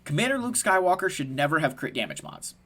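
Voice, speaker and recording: A man's voice: fairly high pitch, fast. A man explaining a strategy game in a casual, passionate commentary, emphatic and often adding "right?" as he goes. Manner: animated, laughs at himself. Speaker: gaming content creator.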